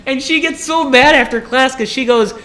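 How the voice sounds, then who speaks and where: A man's voice: very high-pitched, moderate pace, sharp tone. A young man hosting his own podcast, ranting animatedly in casual talk and often laughing as he complains. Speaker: podcast host. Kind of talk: casual solo rant.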